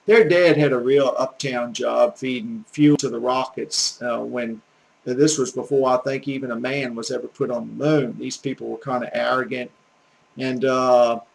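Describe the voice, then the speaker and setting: This is a rambling, casual monologue from an older Gulf Coast man, a language teacher with a Southern accent whose storytelling is folksy, earnest, and a bit preachy. His creaky, medium-pitched voice stays fairly even in intonation and moves at a moderate pace. Recording quality is low.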